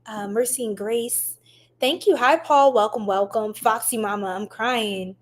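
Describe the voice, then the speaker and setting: A woman's voice: a little high, measured pace. A woman hosting a livestream tarot reading, chatting affectionately with viewers and reading their comments aloud. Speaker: tarot reader livestream host.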